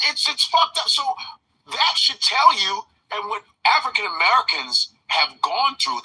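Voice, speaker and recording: A man telling comic stories in a profane, animated way, now and then mimicking other voices. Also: very high voice, slightly rough, poor audio. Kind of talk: profane comedic storytelling.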